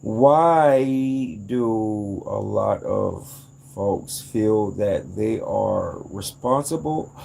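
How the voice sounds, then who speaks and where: A man in a casual, rambling monologue, animated and profane, jumping into sudden high outbursts. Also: drawn-out words, vocal fry, a little hiss or hum. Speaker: vlogger.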